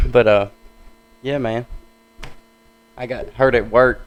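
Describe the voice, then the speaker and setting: A man's voice: mid-range voice, fairly even intonation, slow, poor audio. A young man co-hosting a casual podcast, laid-back and slangy, telling a story about getting hurt at work. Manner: laid-back, slangy, says bro and dude. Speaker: podcast co-host. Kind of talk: casual chat.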